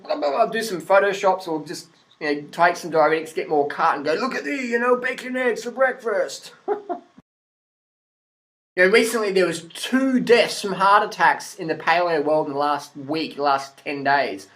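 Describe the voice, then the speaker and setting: A man's voice: fairly high pitch, lively intonation, normal speed, a bit bright, low-quality recording. An Australian man from Adelaide giving a blunt, sarcastic, swearing vlog rant, laughing often. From Adelaide, South Australia. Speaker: vlogger. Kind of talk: profane rant-style commentary.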